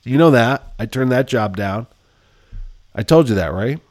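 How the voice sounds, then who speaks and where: Man in his fifties, podcast host, casual storytelling, combative, mid-pitched voice, dry sound. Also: dry recording. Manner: animated, acts out the people in his stories; self-described belligerent, quick with comebacks.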